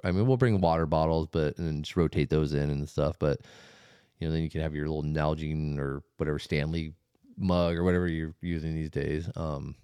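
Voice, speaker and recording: A man's voice: rumbling low, steady tone, brisk, warm tone, smooth, no room sound, clean studio sound. A man co-hosting a casual chat, laid-back and agreeable, often saying "dude". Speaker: podcast co-host.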